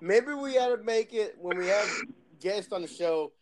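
A man's voice: high-pitched, animated, normal speed, low-quality recording. A man co-hosting a podcast in casual banter, joking and mocking. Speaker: podcast co-host.

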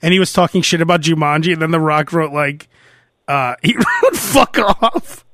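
A man's voice: on the high side, brisk, no echo, clean studio sound. A man hosting a podcast in casual chat, telling stories with lots of laughter and acted-out quotes. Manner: animated storyteller, laughs often, acts out quotes. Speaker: podcast host.

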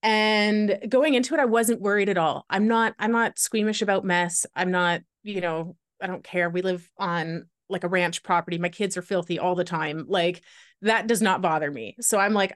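A woman's voice: lowish voice, steady tone, moderate pace, dry recording, clean studio sound. A woman guest on a podcast, telling personal stories candidly in a rambling way full of filler words. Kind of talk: candid conversational storytelling.

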